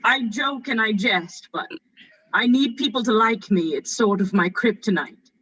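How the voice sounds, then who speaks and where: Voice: mid-range voice, unhurried, sharp tone, slightly rough, dry recording, dull audio. A performer playing Fred, a vain and needy nephew hosting a party, giggly and rambling, in a drunken improv stage comedy.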